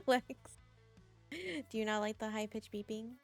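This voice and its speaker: A woman's voice: a little high, expressive, slow, soft background music. A woman game streamer in casual live-stream chat from a home setup, chatty, laughing often and greeting viewers by name, on a desk mic with her headset off.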